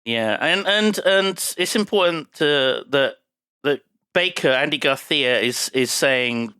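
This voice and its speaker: Man co-hosting a film podcast, lively pitch, bright sound, wry, dry close mic. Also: slow pace, clean tone, no echo. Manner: wry, swearing, puts on character voices. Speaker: podcast co-host. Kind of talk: casual chat recapping a film.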